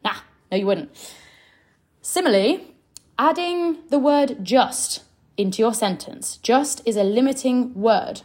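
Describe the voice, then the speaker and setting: A young woman speaks in a somewhat high voice, giving direct, no-nonsense coaching. She is emphatic and instructive. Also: expressive, measured pace, long pauses, a little mellow. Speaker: sales coach. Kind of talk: direct coaching talk to camera.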